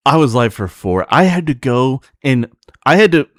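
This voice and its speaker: A man's voice: medium pitch, sing-song, normal speed, fairly bright tone, no echo, studio quality. A man hosting a livestream, talking casually in a blunt, profane, ranting way to his chat. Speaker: streamer host.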